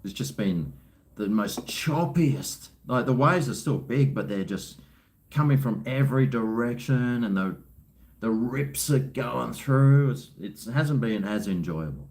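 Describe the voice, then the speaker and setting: A man's voice: medium pitch, a little slow, vocal fry. A middle-aged Australian man from Queensland hosting a casual livestream, rambling and answering viewer comments, calling people mate. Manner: relaxed, rambling, says mate a lot. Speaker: livestream host.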